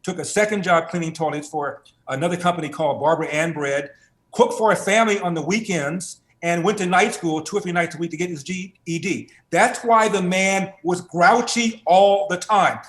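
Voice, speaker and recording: A high-pitched man speaks at a moderate pace, the sound roomy, as he is interviewed as a guest author. He recounts a family story with animated emphasis that builds through repetition.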